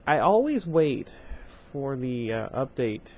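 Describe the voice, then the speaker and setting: A man's voice: medium pitch, very animated, slow, darkish tone, dull audio. A man casually reading a novel aloud at home, breaking off often for rambling side comments full of fillers. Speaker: reader of a book series.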